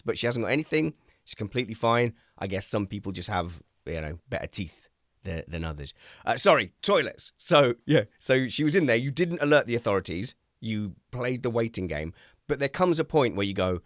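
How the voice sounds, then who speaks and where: A man hosting a casual chat, rambling through animated anecdotes and poking fun at himself. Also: mid-range voice, fairly quick, no echo, clean studio sound. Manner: rambling, animated storyteller who acts out quotes; self-mocking, laughs at his own stories. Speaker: host.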